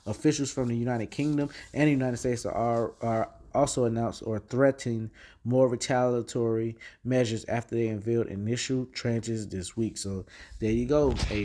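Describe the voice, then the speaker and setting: A man's voice: medium pitch, a little mellow. A man hosting a casual news commentary video, rambling with slang and many fillers, reading headlines and scripture aloud. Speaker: religious video host.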